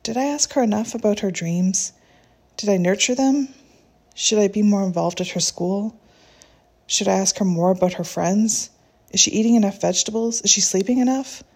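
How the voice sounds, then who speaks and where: A woman reading a reflective first-person story in a gentle, unhurried, tender way. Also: medium pitch, slightly rough.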